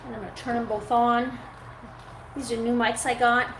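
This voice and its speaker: Hosting a dog-grooming live stream, this woman speaks at an ordinary pace in a fairly high voice with a flat delivery. She chats casually with her viewers and coos at the dog she's working on, all captured by the device mic because she hasn't set up her own, in a reverberant indoor room with background noise.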